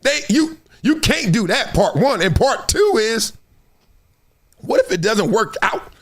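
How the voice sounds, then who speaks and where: A middle-aged man hosting solo sports commentary, animated and fond of acting out quotes in other voices. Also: very high voice, unhurried.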